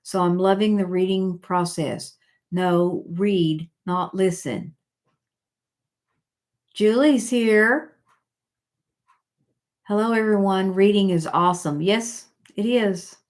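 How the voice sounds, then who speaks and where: An older woman hosting a casual live stream, chatting with viewers and reading their comments aloud in a halting way, with many fillers and restarts. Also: mid-range voice.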